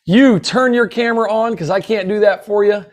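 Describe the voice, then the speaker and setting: A man's voice: high-pitched, normal speed. A man hosting a webinar, eagerly introducing a guest with gushing praise and frequent fillers. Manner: eager and effusive, with many fillers. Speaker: webinar host.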